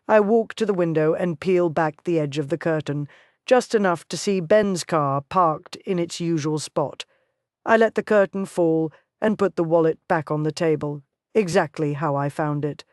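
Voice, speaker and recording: Woman reading a thriller audiobook, smooth clear voice, dry close mic, steady. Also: low-pitched, normal speed, no room sound. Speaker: audiobook narrator. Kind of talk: scripted first-person narration.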